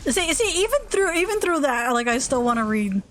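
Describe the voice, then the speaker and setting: A woman's voice: high-pitched, very animated, brisk, a bit bright. A young woman streamer chatting casually while gaming, rambling and gushing with lots of fillers and restarts.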